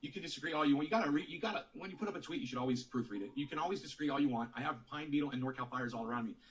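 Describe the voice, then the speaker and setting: Speaking very fast in a slightly high voice, a man streams a profane, preachy rant to his viewers, swearing heavily and repeating himself. He's the streamer from an earlier clip, and his voice sounds distant from the mic.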